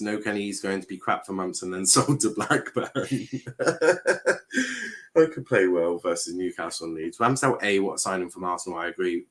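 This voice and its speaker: Man, stream host, casual football talk, laughs a lot, fairly low voice. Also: a bit bright. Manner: laughs often, reads chat comments aloud.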